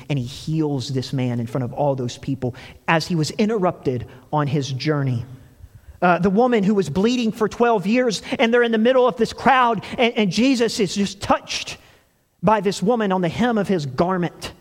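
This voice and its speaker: A man preaching a sermon, telling stories with animated delivery and acting out quoted lines. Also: high-pitched, unhurried, long reverb tail. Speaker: pastor.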